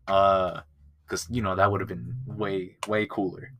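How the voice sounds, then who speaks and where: A man's voice: on the low side, steady tone, normal speed, bright, forceful tone, slight background noise. A man hosting a casual movie-review podcast, rambling and swearing a lot, with plenty of filler words. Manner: rambling and profane, with lots of filler. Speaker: podcast host.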